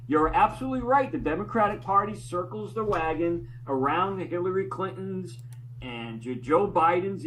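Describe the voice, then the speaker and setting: Hesitant high-voiced male guest. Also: a bit bright, a little hiss or hum, low-quality recording. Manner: hesitant, with many fillers and restarts. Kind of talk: casual chat.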